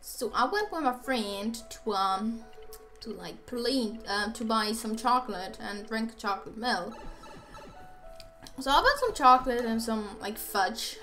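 High, lively young woman gaming. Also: a little slow. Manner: chatty, rambling, bursts into squeals and laughs. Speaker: let's play gamer. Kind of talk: casual gameplay commentary. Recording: faint game music behind.

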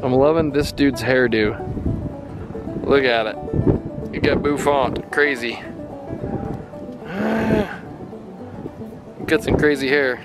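A man's voice: medium pitch, slow pace, long pauses, rough recording. A man, a family vlogger and dad, chatting playfully to the animals as he films outdoors on a farm with a handheld camera. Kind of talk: casual vlog narration. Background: music.

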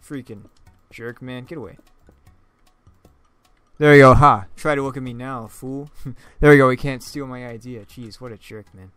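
Joking young man, smooth dry voice. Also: medium pitch, steady tone, moderate pace, a bit bright, no echo, faint music behind. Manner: joking, self-mocking, laughs often; repeats and stumbles over words. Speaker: gaming YouTuber. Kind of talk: casual gameplay commentary.

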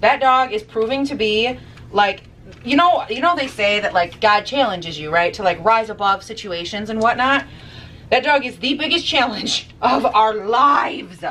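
A woman's voice: fairly high pitch, unhurried, pushed and bright, distant mic, slight background noise, low-quality recording. A young woman vlogging in her kitchen while she bakes, talking in a sassy, chatty way with casual swearing. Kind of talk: casual chat while baking. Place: home kitchen.

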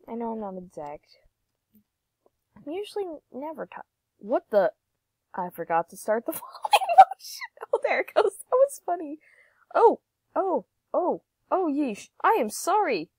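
A young woman, a gaming YouTuber, has a husky, darkish voice on the high side, recorded dry. Her gameplay commentary is giggly and playful, drifting now and then into sing-song and whispers.

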